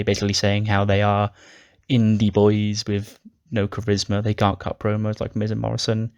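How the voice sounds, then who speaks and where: A man's voice: lowish voice, monotone, fairly quick, darkish tone, smooth. A man casually recapping a wrestling game playthrough, swearing now and then and acting out the characters' lines. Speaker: game commentator. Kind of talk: casual let's-play recap.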